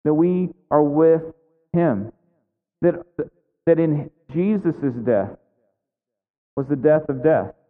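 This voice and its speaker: A man's voice: a little high, expressive, takes it slowly, pauses often. A male pastor preaching a sermon in a conversational way, often checking in with "right?". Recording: tinny phone-like sound with long hall reverb.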